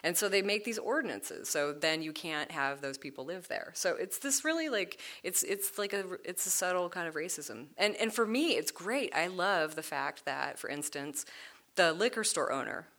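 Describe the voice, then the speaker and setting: A woman telling stories in a casual conversation, animated and laughing, often acting out the voices of people she quotes. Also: lowish voice, normal speed. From United States.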